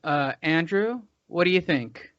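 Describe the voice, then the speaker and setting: A man's voice: fairly high pitch, lively intonation, a little slow, a bit bright, dry recording. A man hosting a casual sports podcast, crude and joking as he puts questions to his co-hosts, heard over a slightly muffled, dry online call. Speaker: podcast host.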